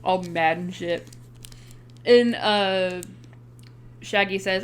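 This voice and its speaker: A woman's voice: on the low side, drawn-out words, long pauses, smooth. A young woman co-hosting a podcast, chatting casually about a movie, swearing now and then and laughing often. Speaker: podcast co-host. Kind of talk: casual chat recapping a movie.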